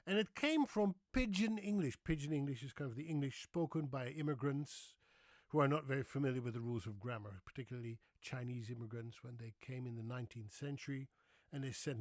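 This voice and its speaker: A man's voice: mid-range voice, quick pace, no room sound, studio quality. A man with a Dutch accent, hosting a casual explainer, telling stories and acting out quoted dialogue. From Netherlands. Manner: storytelling, acting out quoted dialogue with lively shifts. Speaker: English-language video host. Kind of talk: anecdotal explainer monologue.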